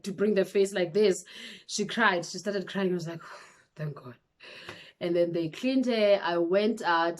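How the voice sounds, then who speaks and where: A young woman, telling a personal story to camera in a casual, animated way. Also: mid-range voice. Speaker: vlogger.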